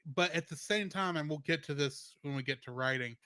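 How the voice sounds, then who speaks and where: Man co-hosting a film podcast, measured, sharp bright voice. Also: on the high side. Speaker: podcast co-host. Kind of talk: casual film discussion.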